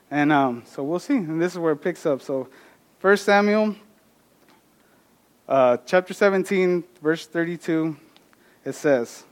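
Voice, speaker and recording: A man casually retelling a Bible story and reading scripture aloud, often pausing with fillers. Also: on the high side. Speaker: Bible teacher.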